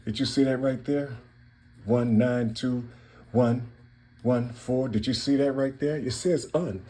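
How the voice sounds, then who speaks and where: Guy from ohio in a casual monologue, warm low-key tone, keeps looping back on the same phrases and preaching at the listener. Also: fairly even intonation, a little slow. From Cincinnati, Ohio, US. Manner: repetitive, circling back on phrases; preachy, addressing listeners directly. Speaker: channel host. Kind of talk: casual monologue explaining word codes.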